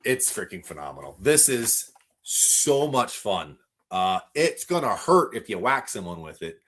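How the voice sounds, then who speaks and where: A man hosting a live toy unboxing stream, gushing with excitement and often stumbling over his words as he reads viewer comments. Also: lowish voice. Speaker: toy collector livestream host.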